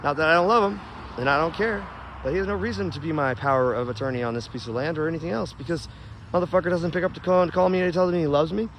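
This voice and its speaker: A man's voice: fairly high pitch, very fast, fairly bright tone, slight background noise. A man ranting angrily and profanely into his phone camera while outdoors in his yard, stoned and rambling. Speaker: vlogger.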